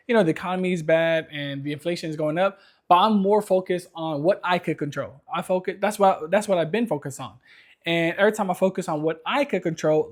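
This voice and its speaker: A man in his thirties talking casually to camera in an upbeat, rambling way with many restarts. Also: a little high. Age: 30s. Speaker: vlogger.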